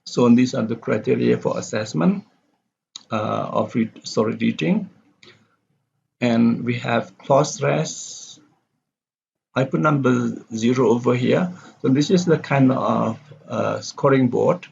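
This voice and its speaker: Gravelly-voiced male lecturer, lo-fi. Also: medium pitch, a little mellow, a little hiss or hum. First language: Indonesian. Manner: halting, with frequent fillers and self-corrections; speaks deliberately, explaining step by step. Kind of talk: recorded lecture. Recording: dull lo-fi recording.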